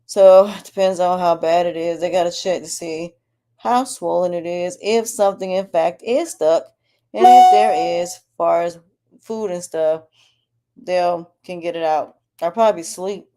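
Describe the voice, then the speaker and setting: Faint music plays behind a woman whose low, dark voice moves at a measured pace. As a podcast host nursing a sore, swollen throat, she offers a candid, rambling health update, often restarting.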